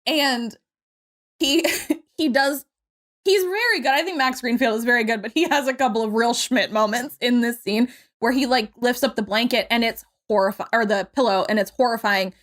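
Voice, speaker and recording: Young woman, podcast co-host, casual movie recap, fairly high voice, animated, swears now and then. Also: normal speed.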